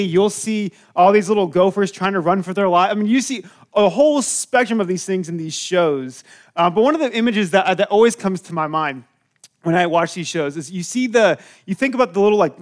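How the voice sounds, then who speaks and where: Male pastor, slightly high, loose chatty sermon delivery full of fillers. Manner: rambling, many fillers and restarts, lively storytelling. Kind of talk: casual sermon to a congregation.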